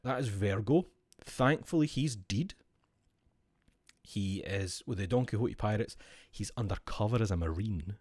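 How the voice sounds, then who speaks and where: A man's voice: on the low side, a little slow, a little mellow, no room sound, studio quality. A Scottish man streaming, chatting casually and explaining with gusto, swearing freely. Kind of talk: casual chat while showing cards.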